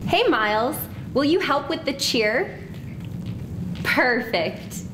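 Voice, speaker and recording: Very slow, high-voiced woman leading an assembly. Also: lively intonation, noisy background. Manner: slow, cheerful, leads chants. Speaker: presenter at a school assembly. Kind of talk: speaking to students at an assembly.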